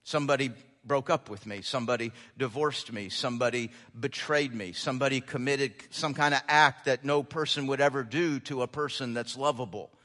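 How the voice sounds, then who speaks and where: A man preaching a sermon as pastor, emphatic, often repeating words and climbing sharply in pitch on his key lines. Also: fairly quick, a bit bright. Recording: long hall reverb.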